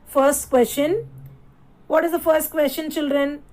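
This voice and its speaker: A woman teacher talks slowly and patiently, spelling each word letter by letter and repeating it several times. Her voice sits high for a woman. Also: fairly even intonation, a little mellow, low-quality recording. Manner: slow, repeats and spells words aloud. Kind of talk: classroom lesson.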